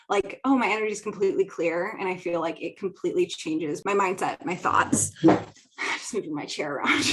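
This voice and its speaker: Young Midwestern woman host, low-ish voice, casual and giggly, lots of fillers. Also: poor audio. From American Midwest. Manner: chatty, giggly, filler-heavy. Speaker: podcast host. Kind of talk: casual solo talk. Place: home studio.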